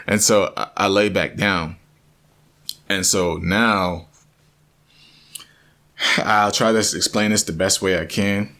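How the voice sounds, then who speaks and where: A man vlogging a personal story, earnest and animated, often restarting and repeating himself. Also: deep voice, slow, pauses often.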